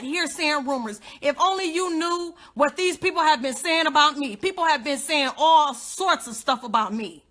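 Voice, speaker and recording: A young woman giving an impassioned, confrontational live rant, repeating her points and swinging between loud outbursts and low muttering. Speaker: godmother and activist livestreamer.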